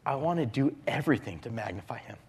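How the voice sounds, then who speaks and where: A man preaching a sermon as a pastor, earnest, often dropping his voice to a hushed whisper on key phrases. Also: medium pitch, lively intonation, fast, gravelly, slightly rough.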